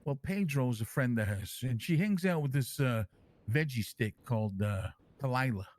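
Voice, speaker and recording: A man's voice: medium pitch, normal speed, dry recording, natural voice. A man playing a brash, crude crime-family boss who calls himself king, rambling and swearing through his stories in an online role-play. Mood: boastful. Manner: rambling storyteller, swears constantly, lively and animated.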